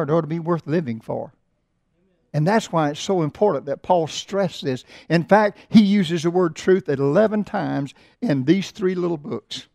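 A middle-aged man preaching a sermon in church, swelling loud and slow on scripture and dropping low for asides. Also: no room sound, studio quality. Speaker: pastor. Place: church sanctuary.

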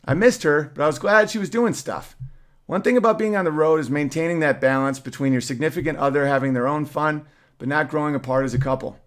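A man's voice: a little high, fast talker, a bit bright. A man hosting his podcast, reading his memoir aloud as a story, breaking off now and then with wry side remarks. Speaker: podcast host.

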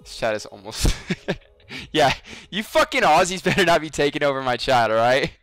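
This man in his twenties has a fairly high, expressive, fairly bright voice at a normal speed. He's a game streamer chatting casually, profane and joking, teasing his viewers and laughing often. There's no room sound, just soft background music.

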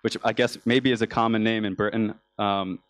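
A man's voice: on the low side, little pitch movement, moderate pace, no room sound. A young American man giving a business talk on a conference stage, telling his story casually with frequent restarts. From United States. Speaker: conference speaker.

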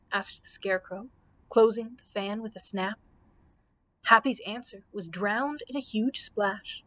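Expressive woman reading a storybook aloud. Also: mid-range voice, unhurried. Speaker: librarian.

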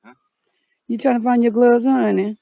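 High-pitched dramatic man. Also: steady tone, moderate pace, vocal fry, no echo, dull audio. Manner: loud, dramatic, frequent shouts and yelps. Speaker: vlogger. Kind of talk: comedic outdoor vlog.

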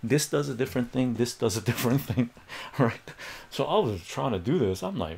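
A man's voice: mid-range voice, brisk, vocal fry, slightly rough. A middle-aged man, a streaming math tutor, telling a story in casual, rambling livestream chat with frequent laughs. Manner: rambling, animated, laughs often, acts out quoted voices.

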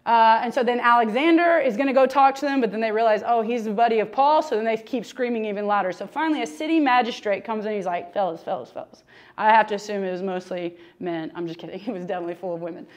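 Woman, Bible teacher, chatty and joking, slightly high voice. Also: fast talker, few pauses. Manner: joking, chatty, laughs often. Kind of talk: humorous Bible lesson.

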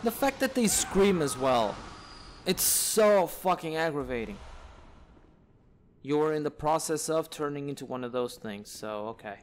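A man's voice: fairly high pitch, lively intonation, measured pace, slight background noise. A man giving live commentary on his own gameplay, exasperated and swearing at the enemies on screen. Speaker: let's play gamer. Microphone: desk mic, camera off.

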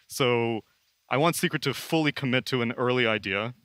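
A man analyzing esports strategy on a live panel in an animated, laughing way, acting out hypotheticals. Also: mid-range voice, brisk, no echo.

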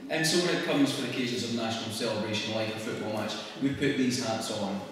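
A Scottish man gives a wry, conversational talk, his mid-pitched voice picked up from a distance. The sound is roomy, with a long reverb tail and a faint hiss underneath. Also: a bit bright. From Scotland. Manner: conversational and wry, quick laughs. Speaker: speaker at a public event. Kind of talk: public talk to an audience. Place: church hall. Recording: echoey hall recorded from far off.

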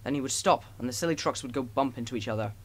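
A man narrating a children's storybook as an audiobook, in an even, gentle storytelling manner. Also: medium pitch, rapid-fire, breathy edge. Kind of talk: storybook reading.

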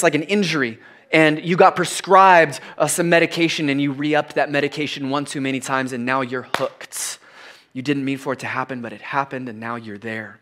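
Bright-voiced man preaching a sermon. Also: a little high. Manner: storytelling, shifts from animated to hushed and confessional. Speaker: pastor.

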